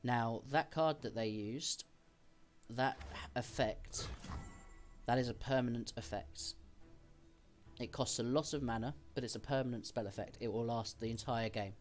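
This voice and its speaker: Male streamer, mid-pitched, talks through his game plays step by step, faint music underneath. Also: a little slow. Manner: explains each decision, thinking aloud. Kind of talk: casual gameplay commentary.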